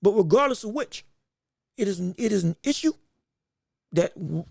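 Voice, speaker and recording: Woman host, high-ish voice, dry close sound, rambling and opinionated live sports talk. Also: no room sound. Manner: rambling, repeats herself, greets chat viewers; emphatic and opinionated. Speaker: podcast host. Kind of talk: live-streamed sports commentary.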